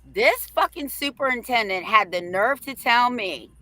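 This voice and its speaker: A middle-aged woman co-hosting a live talk show, telling stories in a brash, profane, animated way and acting out the quotes. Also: fairly high pitch, unhurried. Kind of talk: casual storytelling chat.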